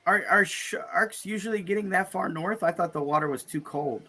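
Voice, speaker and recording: A man's voice: high voice, normal speed, sharp tone. A man co-hosting a casual news chat, asking wry, incredulous questions. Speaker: co-host.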